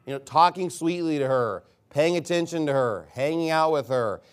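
A man preaching a sermon, reading scripture slowly and then pressing his points with rhetorical questions and repeated phrases. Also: a little high, clear, resonant tone. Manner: reads scripture slowly and deliberately. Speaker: pastor.

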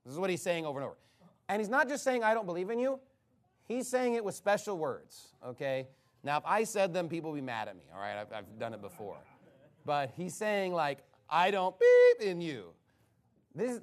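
A man's voice: high voice, big pitch swings, brisk. A man preaching a sermon, retelling a story with mocking, incredulous sarcasm.

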